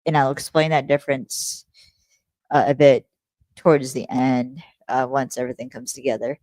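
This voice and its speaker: A woman's voice: rumbling low, level tone, moderate pace, a little mellow, dry recording. Casual swearing woman host recapping. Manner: rambling, casual, swears freely, self-correcting. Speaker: podcast host.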